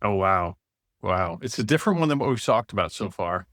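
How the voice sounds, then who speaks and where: A man talking as a podcast guest, telling a lively story and acting out the people in it. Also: fairly low pitch, fairly quick, dry recording, studio quality. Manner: animated storyteller, acts out quoted voices. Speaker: podcast guest, author and speaker. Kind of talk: casual storytelling conversation.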